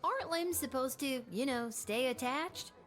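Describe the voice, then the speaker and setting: A woman's voice: high voice, normal speed, a bit bright. A woman voicing a cheerful, wide-eyed twelve-year-old city guard in a video game. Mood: chirpy. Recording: game audio with faint music.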